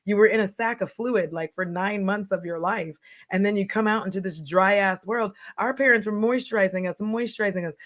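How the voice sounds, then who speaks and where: A woman's voice: medium pitch, a little fast, a bit bright. A young adult woman hosting a casual livestream, talking emphatically, laughing often and acting out little quotes as she reads comments. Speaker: livestream host.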